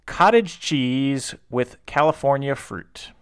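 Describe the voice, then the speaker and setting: A man's voice: medium pitch, expressive, slow pace, clear, resonant tone, no echo, clean studio sound. A man co-hosting a board game podcast in casual chat, rambling with lots of fillers and easy laughs.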